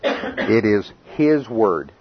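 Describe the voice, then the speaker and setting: A man's voice: fairly low pitch, very animated, extremely slow, breathy edge, muffled recording. A man preaching an informal sermon, conversational and quizzing the congregation. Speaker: pastor.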